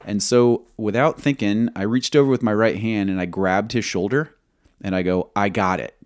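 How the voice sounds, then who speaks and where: Deep-voiced man telling a war story. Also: fairly even intonation, a little mellow, clean tone, no echo, clean studio sound. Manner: measured, halting restarts, vivid quoted dialogue. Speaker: military pilot guest. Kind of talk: storytelling interview.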